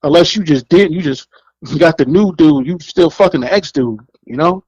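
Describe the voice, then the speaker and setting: A man's voice: normal speed, slightly rough, dry recording, muffled recording. A man, telling blunt, profane stories in a casual chat and acting out the people in them. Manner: animated storyteller, acts out quotes in higher voice; blunt, profane, laughs often. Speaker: podcast co-host.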